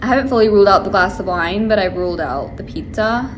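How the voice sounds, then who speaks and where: A woman's voice: mid-range voice, quick pace, noisy background. Young woman rambling in a casual vlog. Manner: rambling, venting, many filler likes. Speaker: vlogger. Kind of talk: casual chat to camera.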